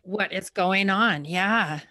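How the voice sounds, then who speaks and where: Woman host, short backchannel reactions, slow bright voice, dry. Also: mid-range voice, no echo.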